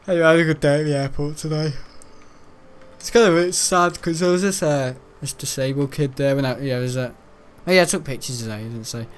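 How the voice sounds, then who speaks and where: A young British man with a fairly high-pitched, smooth voice talks a little fast while hosting a gameplay video. He rambles in a chatty, meandering way, full of fillers and self-corrections.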